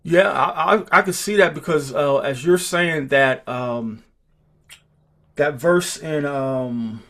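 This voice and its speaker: Guy running a bible study, halting, says things twice, gets fired up. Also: medium pitch, fairly bright tone. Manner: halting, repeats phrases, grows emphatic. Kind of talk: leading an online scripture study.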